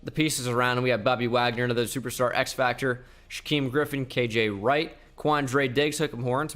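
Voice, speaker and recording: A man's voice: mid-range voice, a bit bright. A young man giving casual, rambling commentary over his video game footage as a channel host. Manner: chatty, rambling, quick asides.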